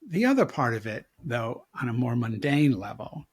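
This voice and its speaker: A man's voice: mid-range voice, big pitch swings, moderate pace, husky. A man in his mid-seventies, a rabbi and guest on a conversation podcast, talking in a reflective, wry way and chuckling often. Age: 70s. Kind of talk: casual conversation.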